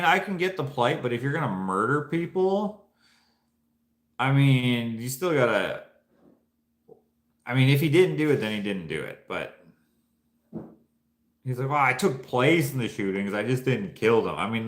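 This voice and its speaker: A man's voice: medium pitch, fairly bright tone. A man hosting a casual vlog, musing and thinking aloud in a loose, rambling way with many restarts. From Canada. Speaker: painter and channel host. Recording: echoey room.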